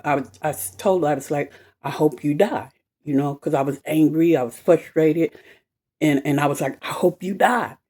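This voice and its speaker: A woman telling a personal story to camera in an animated, emphatic way, swearing freely and repeating herself. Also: sits low. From west side of Chicago. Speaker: vlogger.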